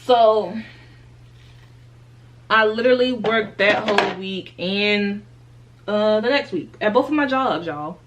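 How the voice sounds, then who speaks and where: A young woman vlogger giving a candid life update, chatting straight to her viewers as y'all and baby and laughing softly through a sad story. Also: mid-range voice, slow pace, pauses often, lo-fi sound, a little hiss or hum.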